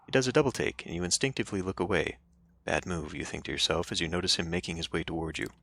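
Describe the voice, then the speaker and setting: A man's voice: deep voice, animated, very fast, vocal fry, fairly bright tone, slightly rough, no room sound. A man playing a story game, reading its narration aloud and breaking off into casual joking asides. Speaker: let's play streamer.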